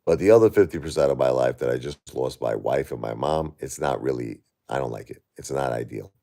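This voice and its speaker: A middle-aged man live-streaming while grieving, talking to his chat in halting, repetitive, emotional bursts. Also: very deep voice, vocal fry, mellow.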